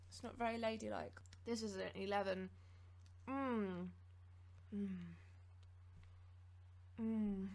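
A woman hosting a casual taste-test vlog, bubbly and excitable, gasping and giggling. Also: on the high side, slow, pauses often. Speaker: YouTuber.

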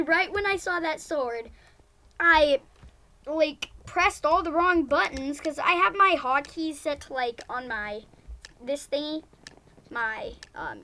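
Bright, high-pitched excitable woman gamer. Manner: excitable and giggly, exclaims often. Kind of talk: casual gameplay commentary.

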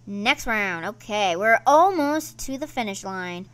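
A woman hosting her gaming channel, giving casual let's-play commentary in an excitable, playfully grumbling way. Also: medium pitch, a little slow, few pauses.

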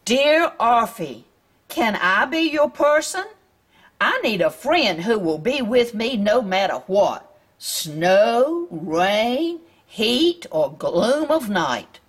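A kind mail lady offers a stray dog a home in a slow, soft, slightly husky voice, as a woman reads her note aloud from a picture book. She sounds gentle and affectionate. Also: a little high, big pitch swings, exaggerated voice. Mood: tender. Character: kind female letter carrier writing a warm note.

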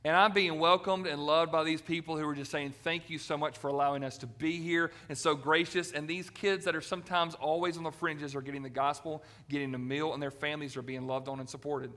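Bright-voiced man preaching. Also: fairly high pitch, fairly quick, few pauses. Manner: animated, acts out quoted voices. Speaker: pastor. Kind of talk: sermon. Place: church sanctuary.

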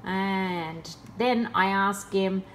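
A woman's voice: mid-range voice, very slow, a bit bright, slight background noise. A woman in a casual vlog, talking in a sarcastic, exasperated way. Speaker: vlogger.

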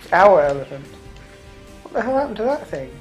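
Woman, let's play host, animated pitch, excitable chatter, faint music behind. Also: a little fast, poor audio. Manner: exclaiming, laughing, mild cursing. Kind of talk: casual co-op gameplay chat.

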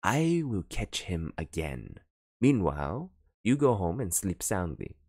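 A man reading an audiobook, voicing a calm, unbothered police detective who brushes off worries. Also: low voice, a little slow, slightly rough, dry recording, heavily acted. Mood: dismissive. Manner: calm, dismissive, dry. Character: unflappable middle-aged male police detective.

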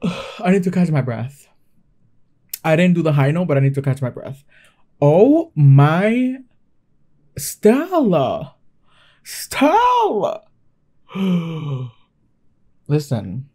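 A man hosting a reaction video, gushing and excitable as he comments casually over a performance. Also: fairly high pitch, a little slow. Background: faint music from the video being watched.

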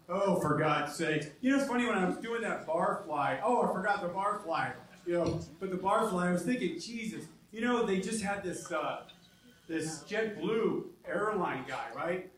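A man doing a stand-up comedy set, brash and loud, dropping into goofy bits. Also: high voice, lively intonation. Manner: brash, quick shifts into silly character voices. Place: comedy club stage. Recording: echoey room from far off the mic.

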